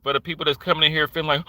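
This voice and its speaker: A man on a livestream rants in a sharp, cutting voice that sits a little high for a man. He is animated and profane, and he hammers each point home. The sound is dry and close, with no room around it. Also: dry recording. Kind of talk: casual ranting commentary.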